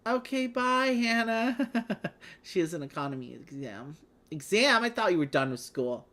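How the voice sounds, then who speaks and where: A woman's voice: very deep voice, big pitch swings, moderate pace, a bit bright. A chatty woman hosting a casual live play-along of a board game. Her voice moves up and down a lot as she rambles, laughing often between thoughts. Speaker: host.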